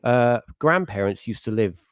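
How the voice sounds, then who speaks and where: A man's voice: mid-range voice, expressive, normal speed, no echo. Man, middle-aged, podcast host, rambling chat, acts out quotes, dry close sound. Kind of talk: casual chat.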